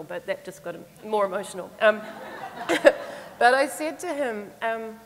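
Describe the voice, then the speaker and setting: A woman's voice: a little high, expressive, normal speed, fairly bright tone, a faint crowd. Earnest woman speaker in an echoey hall. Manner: earnest, reflective, with laughter. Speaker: conference speaker. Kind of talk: storytelling keynote talk.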